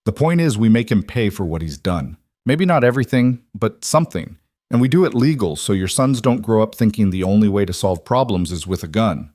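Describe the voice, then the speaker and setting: Man voicing a frontier marshal, stern, firm, low voice, dry sound. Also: animated, a little mellow, dry recording, close to an everyday voice. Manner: firm, measured, matter-of-fact. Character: stern male frontier marshal, steady and determined.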